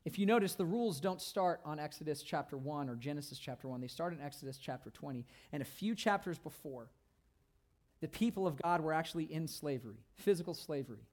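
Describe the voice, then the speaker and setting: Expressive and fairly quick, a high-voiced male pastor delivers a sermon with emphasis, hammering home each point through repetition. He shifts from ringing, loud proclamations to soft, hushed asides.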